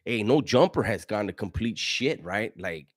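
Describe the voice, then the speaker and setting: Dude doing a livestream, reads chat, lots of slang, laughs a lot, trips over words. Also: male voice, fairly low pitch, lively intonation, moderate pace. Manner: slangy, laughs often, stumbles and restarts. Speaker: livestream host reading chat.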